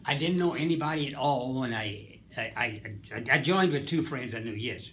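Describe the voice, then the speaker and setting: Old man in his nineties, folksy rambling storyteller, pauses to find his words, muffled lo-fi sound. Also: medium pitch. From Springfield, Missouri, USA. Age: 90s. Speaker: WWII Coast Guard veteran being interviewed. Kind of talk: storytelling interview.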